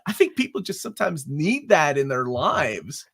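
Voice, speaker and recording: A man's voice: a little high, wildly swooping pitch, normal speed, creaky, fairly bright tone, breathy edge. A man hosting a casual interview over a video call. He talks in a laid-back, chatty way and reads out viewer comments as he goes. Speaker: interview show host.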